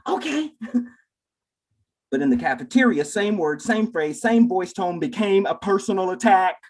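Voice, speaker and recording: A man's voice: sits high, normal speed. A man giving a keynote talk to teachers, telling stories dramatically, acting out voices and addressing the audience directly. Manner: dramatic storyteller who acts out voices. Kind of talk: animated keynote storytelling.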